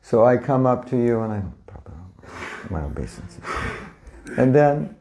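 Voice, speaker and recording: A man's voice: medium pitch, very animated, a little slow, dark tone. A man teaching a live audience in a conversational way, often asking them questions and acting out little scenes. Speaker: spiritual teacher. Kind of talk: informal lecture to a live audience.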